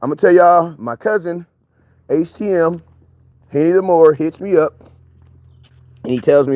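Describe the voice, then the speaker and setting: A grown man hosting a casual live stream on a morning walk outdoors, energetic and full of slang, greeting viewers by name. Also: a little high, moderate pace, long pauses, no room sound, low-quality recording.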